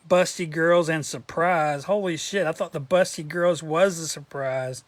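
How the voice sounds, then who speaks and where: A man's voice: fairly high pitch, fairly even intonation, measured pace, hardly any pauses, no room sound. A man in a casual show-and-tell vlog, rambling through his collection with crude jokes and asides, his throat a little dry. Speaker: collector vlogger.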